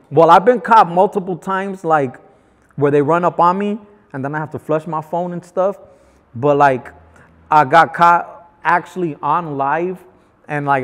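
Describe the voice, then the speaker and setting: Slangy male guest, raised-pitch storyteller, acts out the dialogue himself, recorded with a long reverb. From Los Angeles. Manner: animated, slangy, acts out other people's lines. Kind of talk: casual storytelling.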